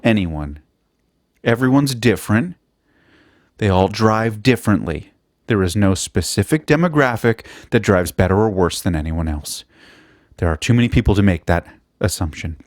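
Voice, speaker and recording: A man's voice: lowish voice, darkish tone, no room sound, clean studio sound. A man hosting his own podcast, talking in a rambling, profane, self-mocking comedic monologue. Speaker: podcast host.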